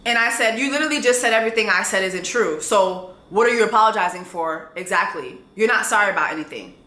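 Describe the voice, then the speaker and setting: A woman's voice: medium pitch, animated, fast, bright, forceful tone, roomy sound. A woman, telling a dating story in a vlog in a blunt, sassy way and reading texts aloud.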